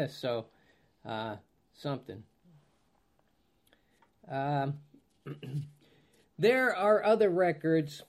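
Slow preacher, slightly high. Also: male voice, big pitch swings. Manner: slow, searching, clears throat, loses place; reads scripture aloud in King James wording. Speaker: pastor. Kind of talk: Bible teaching.

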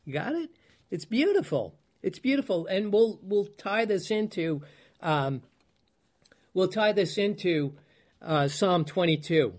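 A man preaching a teaching sermon, unhurried, with many fillers and restarts and emphatic repetitions. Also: sits high, animated.

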